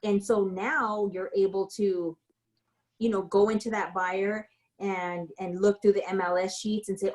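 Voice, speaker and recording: A woman real estate broker talks through a casual tutorial, sharing stories from her work. Her voice sits at an ordinary middle pitch. She rambles in a chatty way, with plenty of fillers and self-corrections. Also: fairly even intonation, measured pace, a little mellow, poor audio. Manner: chatty, frequent fillers and restarts.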